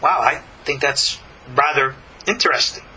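A man giving a lively recorded Torah class, animated, with folksy asides and rhetorical questions. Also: medium pitch, normal speed, a little hiss or hum, rough recording. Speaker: Torah teacher.

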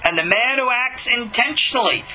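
Bright-voiced man teaching scripture emphatically. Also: very high voice, animated, a little hiss or hum, low-quality recording. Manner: emphatic, rhetorical questions, slows for scripture. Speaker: Jewish teacher. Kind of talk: religious teaching talk.

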